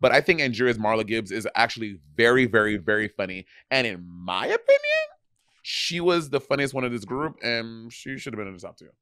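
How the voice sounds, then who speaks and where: A man chats casually as a podcast co-host, circling back on himself with fillers and restarts. His voice sits at a middle pitch. The sound is dry and close. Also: huge pitch swings, brisk, sharp tone, clean tone, no echo. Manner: rambling, many restarts and fillers. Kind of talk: casual chat.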